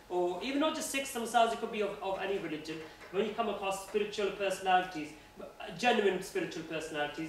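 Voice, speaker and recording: A man with a fairly high voice gives an earnest, conversational religious talk to a student audience. He is heard from some distance in a very echoey room, with faint noise behind him. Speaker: guest speaker at a university society.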